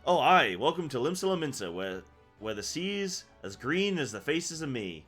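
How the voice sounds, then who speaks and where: A man voicing a gruff, brash old male tavern keeper, reading game dialogue aloud in a rough seafaring dialect. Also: fairly high pitch, sing-song, moderate pace, a bit bright, faint music behind, exaggerated voice. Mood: hearty. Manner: reads quest text aloud in a put-on rough seafaring dialect.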